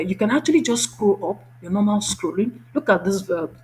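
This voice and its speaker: A woman's voice: mid-range voice, a little fast, hardly any pauses, a little mellow, rough recording. Enthusiastic woman teacher explaining step by step. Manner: enthusiastic, repeats key words for emphasis. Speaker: teacher giving a software tutorial. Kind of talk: screen-share tutorial narration.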